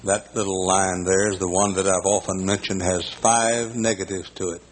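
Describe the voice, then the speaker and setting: Older pastor guy preaching, low voice, folksy storytelling, a bit of hiss in a big church. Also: flat delivery. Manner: folksy storytelling with slow emphatic repetition. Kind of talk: sermon. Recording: faint background noise in a large church.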